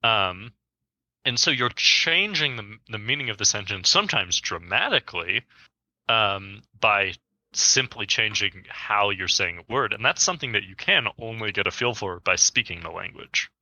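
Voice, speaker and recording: A man's voice: moderate pace, no echo. A man co-hosting a podcast, explaining ideas in casual conversation and acting out spoken examples. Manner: explains with spoken examples, animated pitch jumps. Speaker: podcast co-host.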